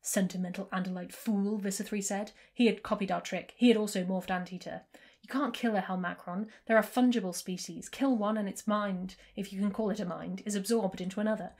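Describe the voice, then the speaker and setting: A woman's voice: medium pitch, fairly even intonation, brisk, darkish tone. Chatty woman recapping a book. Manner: chatty, amused, laughs at the plot. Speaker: book review channel host. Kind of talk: casual book recap vlog.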